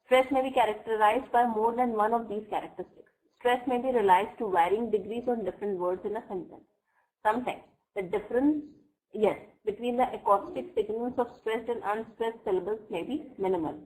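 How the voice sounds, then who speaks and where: A woman's voice: on the high side, steady tone, a little fast, a little mellow, low-quality recording. A woman teaching an online English class, reading from her notes and checking in with her students as she goes. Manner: reads notes aloud, checks in with "right?" and "fine?".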